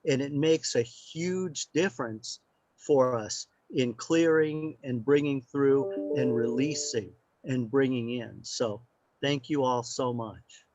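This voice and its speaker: A man's voice: mid-range voice, slow, faint music behind. Man telling a story over muffled audio. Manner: animated anecdote with many fillers. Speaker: guest speaker on sound healing. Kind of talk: casual storytelling. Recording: dry, slightly muffled lo-fi audio.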